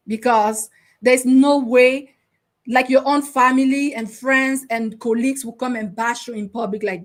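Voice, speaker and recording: A young adult woman hosting a show as a relationship coach, giving opinionated commentary and asking her audience and co-host rhetorical questions. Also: on the high side. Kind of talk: casual commentary chat.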